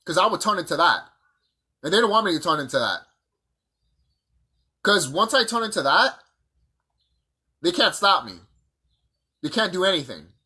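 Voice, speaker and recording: Husky guy ranting and cussing into his cam, kinda high, keeps asking what does that tell you. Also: very animated, moderate pace, long pauses, bright, forceful tone. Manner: profane, combative, rhetorical questions. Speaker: vlogger. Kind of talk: ranting monologue to camera.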